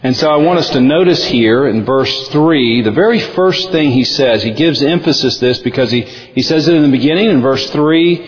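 A male pastor preaching a sermon in an emphatic, animated way. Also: medium pitch, normal speed, few pauses, faint music behind. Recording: dull lo-fi audio with long hall reverb.

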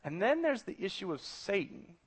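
A man's voice: high-pitched, very animated, moderate pace, husky. A middle-aged man preaching a sermon as a pastor, emphatic and full of rhetorical questions.

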